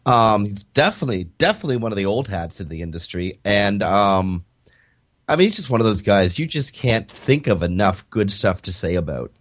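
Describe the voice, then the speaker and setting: A man's voice: on the low side, brisk. A man from Canada hosting a web radio show, chatting casually and joking with his guest. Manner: chatty, joking, animated delivery.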